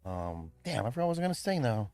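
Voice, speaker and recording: A man's voice: mid-range voice, sing-song, fast, a little mellow, no echo. A man chatting casually on a livestream from his room at home, rambling, swearing and laughing often. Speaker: livestreamer and event host. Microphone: streaming mic.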